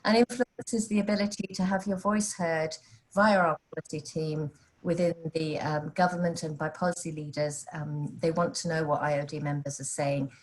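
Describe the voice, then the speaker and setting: A woman with a fairly low voice hosts a business webinar. She introduces the guest speaker hesitantly and fills her pauses with ums. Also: fairly even intonation, poor audio. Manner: hesitant, filler-heavy, loses her thread. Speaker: event host.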